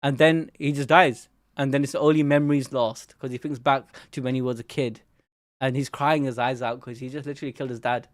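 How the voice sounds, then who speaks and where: A young man hosting an anime channel, reacting live to a manga chapter in an excitable, slangy, exclamatory way. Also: medium pitch, fairly quick, no room sound, studio quality.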